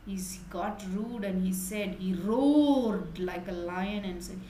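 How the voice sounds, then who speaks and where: A woman teacher explaining a story to young children, animated and asking them questions. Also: medium pitch, slow, few pauses, roomy sound, a little hiss or hum, low-quality recording.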